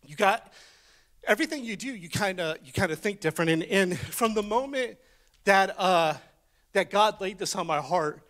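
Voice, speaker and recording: Man preaching with hushed whispers. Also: sits high, expressive, moderate pace. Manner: emphatic, swings between rising calls and hushed whispers; conversational storytelling with restarts. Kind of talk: sermon with personal testimony.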